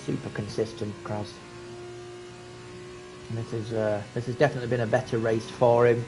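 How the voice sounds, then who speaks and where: A man's voice: medium pitch, normal speed, background noise. Chatty man calling a sim race. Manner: casual, chatty, rising excitement at close battles. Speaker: race commentator. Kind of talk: live sim racing commentary.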